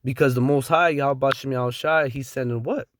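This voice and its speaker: A man's voice: mid-range voice, steady tone, fairly quick, a little hiss or hum. A man preaching from scripture, reading verses aloud and then riffing on them in blunt, slangy street talk with the odd chuckle.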